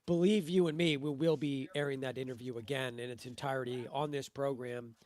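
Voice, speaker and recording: A man co-hosting a live golf talk show, relaxed and chatty. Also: medium pitch, fairly quick. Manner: relaxed and chatty, speaks while eating. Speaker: co-host.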